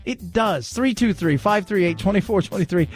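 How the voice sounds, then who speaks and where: Animated, high-voiced male talk radio host. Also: normal speed, soft background music. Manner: rambling, animated, mimics voices. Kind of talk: casual talk radio with live ad reads.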